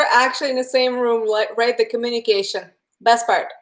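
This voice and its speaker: A woman's voice: a little high, steady tone, brisk, few pauses. Russian-accented woman teaching painting live. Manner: friendly, chatty, talks straight to viewers and reads the live chat aloud. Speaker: painting instructor. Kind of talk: live-streamed painting lesson.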